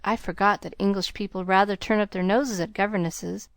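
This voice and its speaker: A woman reading the lines of a shy, sincere young woman in an audiobook, soft-spoken and timid. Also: medium pitch, steady tone, brisk, no echo, studio quality, natural voice.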